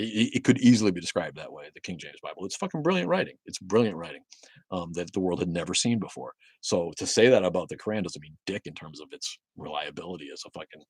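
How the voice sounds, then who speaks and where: A man's voice: sits low, no room sound, studio quality. A man in his fifties hosting a casual livestream rant, profane and rambling with many restarts. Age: 50s. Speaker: livestream host. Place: home in Maine.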